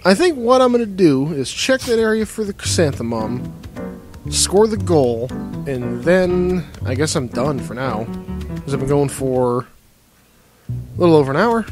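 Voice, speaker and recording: A man giving casual let's-play commentary while he plays, swearing a lot and swinging between muttering and frustrated outbursts. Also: medium pitch. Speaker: gamer playing a game.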